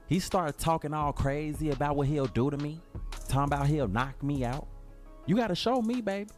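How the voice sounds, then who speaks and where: A man voicing a brash, hot-tempered middle-aged mother in a storytime skit, in a strained high falsetto full of swearing. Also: fairly quick, darkish tone, faint music behind, natural voice. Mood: boastful.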